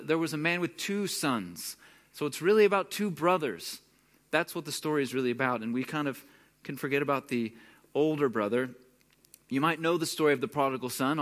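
A young man preaching in a relaxed, conversational way. His voice sits a little high, and now and then he slips into character voices to act out the people in the story. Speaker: pastor. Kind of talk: sermon.

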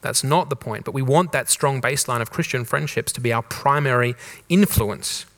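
Australian man preaching, softened accent. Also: medium pitch, normal speed. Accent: mild Australian, softened toward neutral English. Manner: conversational preaching with repeated rhetorical questions and restarts. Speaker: pastor. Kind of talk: sermon. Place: church in Germany.

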